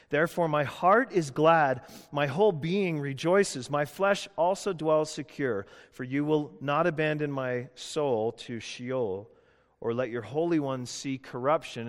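A man preaching a sermon, emphatic and conversational, building to loud rhetorical questions. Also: on the high side. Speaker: pastor. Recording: long hall reverb.

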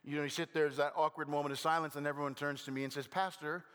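An older man preaching a sermon as a pastor, conversational with gentle self-deprecating humor and halting restarts. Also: a little high, little pitch movement, clear, resonant tone. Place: church sanctuary. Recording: long hall reverb.

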